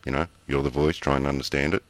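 An Australian man with a remarkably deep, low voice, rambling through casual podcast chat. The sound is dry and close to the mic, with him chuckling now and then. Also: fairly even intonation, fast, no room sound. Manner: rambling, chuckles between stories. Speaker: podcast co-host.

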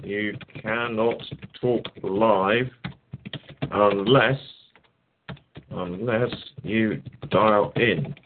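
A man's voice: lowish voice, extremely slow, long pauses, background noise. A man hosting a casual test call, joking and muttering to himself as he checks settings. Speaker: show host. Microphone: online call over landline. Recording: tinny phone-like line.

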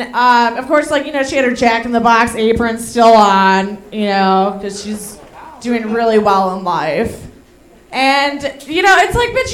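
A woman's voice: fairly high pitch, fairly bright tone, reverberant, a little hiss or hum. A woman doing a crude, blunt stand-up comedy set in a bar, laughing through her own jokes. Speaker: stand-up comic. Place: bar stage.

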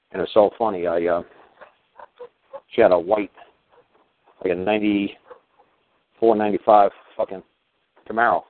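A man tells a story in a loose, rambling monologue, swearing freely and stumbling through many fillers and restarts. His voice sits somewhat low, and it comes through a thin, tinny line that sounds like a phone call. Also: dry recording. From New York. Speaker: podcast host.

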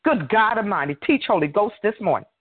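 A woman preaching a fervent sermon, reading scripture slowly and calling out hallelujahs. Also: mid-range voice, big pitch swings, breathy edge. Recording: tinny phone line.

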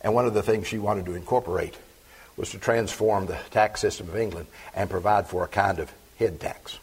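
A middle-aged male pastor preaching a sermon, reading scripture aloud and then expounding it with slow, emphatic stresses. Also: on the low side, steady tone, slightly rough.

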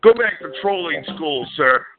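A man's voice: fairly high pitch, animated, moderate pace, noisy background. A man on a phone chat line, mocking and sarcastically brushing off a troll caller. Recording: tinny phone line with music.

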